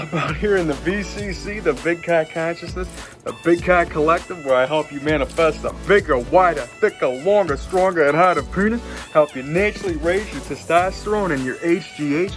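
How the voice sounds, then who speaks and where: A man giving an upbeat, rambling motivational vlog talk full of catchphrases. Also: on the high side. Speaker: vlogger and self-styled spiritual guide.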